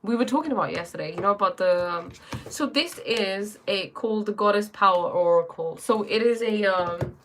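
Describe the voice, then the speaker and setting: A woman's voice: mid-range voice, moderate pace, slight background noise. A woman hosting a live stream who chats casually, greets viewers by name and reads oracle cards aloud, often restarting her sentences.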